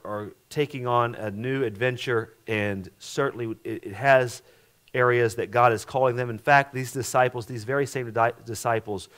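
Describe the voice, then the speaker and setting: A middle-aged man, a pastor, preaching a sermon that swings between loud emphatic passages and hushed ones, often repeating words and asking the congregation questions. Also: medium pitch.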